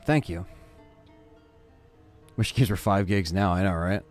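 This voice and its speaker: A man's voice: low voice, measured pace, a little mellow, faint music behind. A man rambling casually to his chat while playing a game, tired and yawning. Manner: rambling, laid-back, talks to chat. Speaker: gaming streamer. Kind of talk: casual gameplay commentary to chat.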